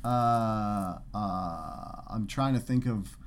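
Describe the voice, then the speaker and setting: A man's voice: fairly low pitch, extremely slow, crowd noise. A young man co-hosting a podcast, telling stories in casual, profane banter. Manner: animated, profane storyteller. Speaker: podcast co-host.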